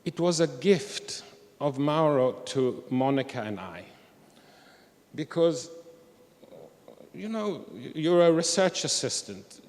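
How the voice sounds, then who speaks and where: A man's voice: fairly high pitch, lively intonation, takes it slowly, long pauses, a little mellow. An older man giving a reflective, candid talk at an academic conference. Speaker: conference speaker. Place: large historic hall. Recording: long reverb of a large hall.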